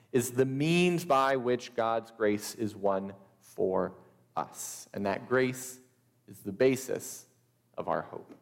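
A man preaching a sermon, deliberate and measured, with a few wry asides to the congregation. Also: mid-range voice, vocal fry, long reverb tail. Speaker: pastor.

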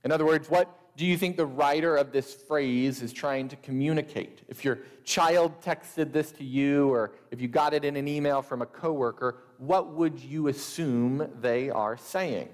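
A man preaching a sermon, deliberate and measured, with a few wry asides to the congregation. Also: on the high side, in a large hall. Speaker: pastor.

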